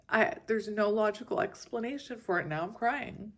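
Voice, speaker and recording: A woman in her forties, chatting in a rambling, casual way with frequent soft laughs as she gives a tarot reading. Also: medium pitch, moderate pace, few pauses. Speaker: tarot reader.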